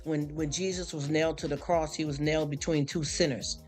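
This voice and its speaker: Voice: mid-range voice, steady tone, brisk, a little mellow. Tired streamer talking faith. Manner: rambling, repeats "you understand?". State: tired after a long work shift. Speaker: live streamer. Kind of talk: casual spoken faith talk to a live chat. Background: faint background music.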